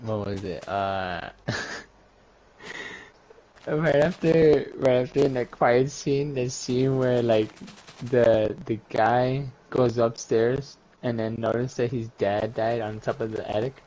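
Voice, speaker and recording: A man's voice: medium pitch, takes it slowly, mellow, a little hiss or hum. A man in casual chat, telling a profane story between bursts of laughter. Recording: dull, muffled lo-fi audio.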